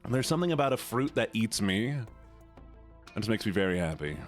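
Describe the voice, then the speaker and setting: A man's voice: fairly low pitch, a little fast, pauses often, soft background music. A man streaming live, chatting playfully and teasing his viewers. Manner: playful, excitable, teasing chat. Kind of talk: casual live-stream chat.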